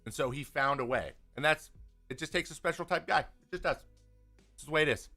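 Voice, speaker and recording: A man's voice: fairly high pitch, fairly quick, gravelly, soft background music. A man, hosting a casual live chat and answering viewer questions in a rambling way with many restarts. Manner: rambling, restarts often, animated when venting.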